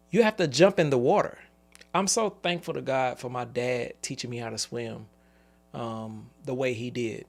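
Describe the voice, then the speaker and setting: A man's voice: medium pitch, moderate pace, gravelly. A man in his forties giving an earnest motivational talk on a live call, telling stories and laughing between points. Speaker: business speaker.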